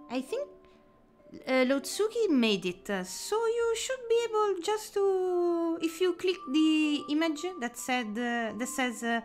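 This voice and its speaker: A woman with an Italian accent chatting casually with her audience while drawing live, giggly and full of fillers and restarts. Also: high voice. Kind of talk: casual live-stream chat.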